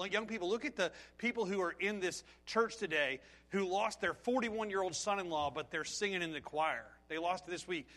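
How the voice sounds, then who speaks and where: Bright-voiced pastor. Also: male voice, fairly high pitch. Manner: conversational, addresses the congregation directly. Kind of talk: sermon.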